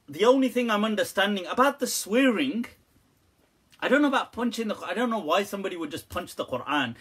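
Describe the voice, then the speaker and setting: A man's voice: high-pitched, fairly bright tone, breathy edge. A man answering viewer questions on a live stream, teasing, joking and laughing often.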